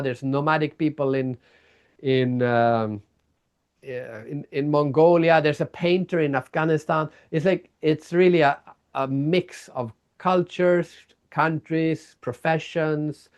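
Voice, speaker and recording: Animated storytelling man, slightly high. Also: clean tone. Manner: animated storyteller, acts out reactions. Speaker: guest, keynote speaker and author. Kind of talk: casual interview chat.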